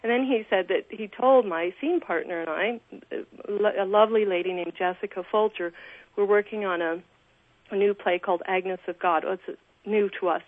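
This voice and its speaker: A woman's voice: medium pitch, moderate pace, no echo. An actress being interviewed over the phone, gushing and restarting her sentences often. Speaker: actress guest. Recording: tinny phone line.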